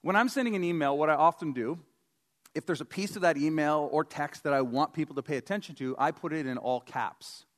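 A man's voice: on the high side, fairly quick. A man preaching a sermon as pastor, in a conversational, joking way with emphatic stresses.

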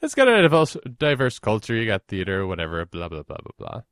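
A man's voice: fairly low pitch, huge pitch swings, fairly quick, a bit bright, no echo, clean studio sound. A Minnesotan man hosting a podcast, chatting casually in a rambling, self-deprecating way with plenty of fillers. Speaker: podcast host. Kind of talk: casual conversation.

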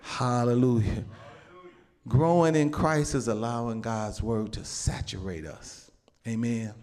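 A man's voice: mid-range voice, slow, darkish tone. A male pastor preaching a sermon to his congregation, peppering his talk with amens and calling out to the saints. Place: church building with a congregation.

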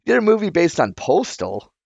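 A man chatting casually as a podcast co-host, teasing the others with quick quips. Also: high-pitched, wildly swooping pitch, vocal fry, breathy edge, no room sound, dull audio. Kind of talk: casual chat.

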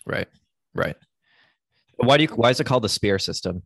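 A man hosting a podcast, asking questions quickly and agreeably. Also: fairly low pitch, expressive, vocal fry, husky, no echo, studio quality. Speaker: podcast host. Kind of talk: podcast interview.

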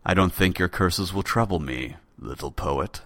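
A man voicing a tall, mysterious male warrior who speaks calmly and quietly with quiet command, in a storybook tale. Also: low-pitched, unhurried, no echo, heavily acted.

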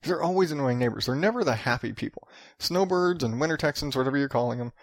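A man's voice: mid-range voice, lively intonation, quick pace, no room sound, studio quality. A man in his thirties hosting a solo podcast, ranting and rambling with a lot of swearing. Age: 30s. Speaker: podcast host.

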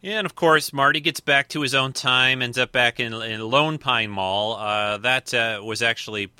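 A man's voice: mid-range voice, normal speed, sharp tone, clear, resonant tone, no echo. A man hosting a casual film commentary, rambling along with many fillers and restarts. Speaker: podcast host.

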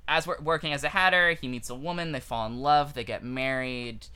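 A man co-hosting a comedy history podcast, his voice bright and clear at a middle pitch. He talks casually and jokes as he goes, slipping crude asides into the story. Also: fairly quick. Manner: jokey, loose, laughs at his own lines. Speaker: podcast co-host.

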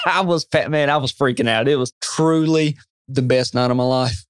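A man, a guest telling an excited fishing story in an interview, quoting himself often. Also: medium pitch, normal speed, smooth, no echo, studio quality. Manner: excited, animated storyteller who quotes himself a lot. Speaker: guest angler.

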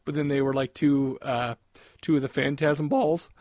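A man's voice: medium pitch, flat delivery, normal speed, darkish tone, no room sound, studio quality. A man co-hosting a podcast in casual chat, rambling with crude jokes and frequent laughter. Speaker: podcast co-host.

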